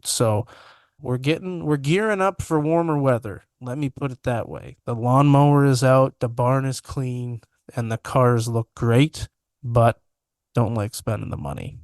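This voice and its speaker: A man's voice: medium pitch, a little mellow, smooth, no echo. A young man co-hosting a podcast remotely from his bedroom, chatting with sarcastic, self-deprecating humor. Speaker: podcast co-host. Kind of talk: casual chat over video call. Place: home master bedroom. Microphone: remote video-call mic.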